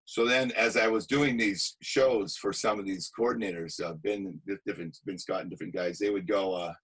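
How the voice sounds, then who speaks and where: A man with a husky, fairly low voice tells anecdotes from his career as an actor and stuntman. He talks casually and with energy, slipping into the voices of the people he quotes. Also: fairly quick, low-quality recording. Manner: animated anecdotes with acted-out quotes. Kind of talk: casual interview storytelling.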